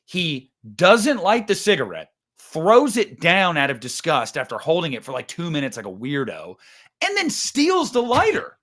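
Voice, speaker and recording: A man talking casually about horror films, swearing freely and acting out scenes, jumping into loud bursts. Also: a little high, normal speed, few pauses. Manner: animated, swearing, acts out movie scenes with sudden loud jumps. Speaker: podcast host. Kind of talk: casual movie chat.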